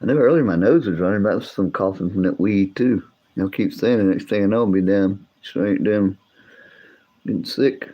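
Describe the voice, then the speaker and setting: A man, hosting a casual livestream, rambling and swearing as he talks to his viewers, his voice gone deeper from coughing. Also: normal speed, highs cut off. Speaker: livestream host.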